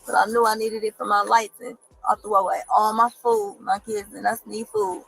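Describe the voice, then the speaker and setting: Gravelly woman rambling and pleading, keeps repeating herself. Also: medium pitch, sing-song, moderate pace, fairly bright tone, rough recording. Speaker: woman on police body camera footage. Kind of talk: distressed talk with officers.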